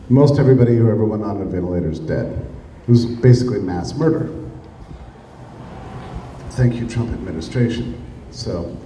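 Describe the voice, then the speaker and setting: Guy giving a talk in a big echoey room, dark lowish voice, sarcastic and punchy, mic kinda far off, faint hiss behind. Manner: emphatic, sarcastic, rhetorical asides to the audience. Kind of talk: public lecture. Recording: echoey room, heard from a distance, faint noise.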